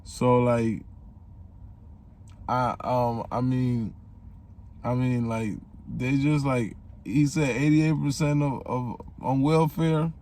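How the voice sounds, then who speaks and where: Male streamer, mid-pitched, rambling and profane, casual livestream chat. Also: fairly even intonation, takes it slowly, pauses often, warm tone. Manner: rambling, profane, many fillers. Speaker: streamer and commentator.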